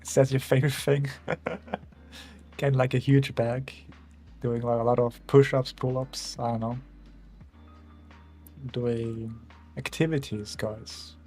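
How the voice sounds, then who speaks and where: A young Austrian man with an Austrian German accent streams himself drawing, chatting casually with viewers, rambling and chuckling as he reads out chat. His mid-range voice is dark-toned, a little slow, with little pitch movement and long pauses, and faint music plays behind him.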